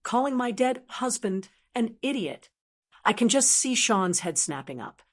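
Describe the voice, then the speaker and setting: An older woman reading a first-person story in a measured, reflective way. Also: a little high, big pitch swings. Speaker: narrator.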